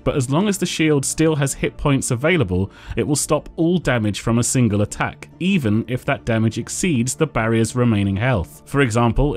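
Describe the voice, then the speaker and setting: A man narrates a game tutorial in a measured, methodical voice, reading out numbers and details with care. His pitch sits in an ordinary middle register for a man. Faint music plays softly beneath his voice-over. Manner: measured, informative, reading out figures. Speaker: video game guide host.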